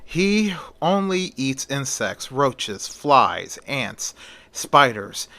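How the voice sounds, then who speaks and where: A stern male asylum doctor, voiced by a man narrating the tale. He gives orders in a firm, matter-of-fact way, with a bright, forceful tone. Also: medium pitch, big pitch swings, very slow, creaky, full character voice.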